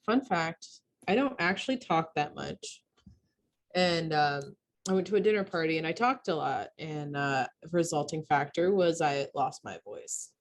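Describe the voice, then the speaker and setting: A woman co-hosting a podcast in casual chat, tired, with a sore throat and a flat, low-key delivery. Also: unhurried. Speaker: podcast co-host.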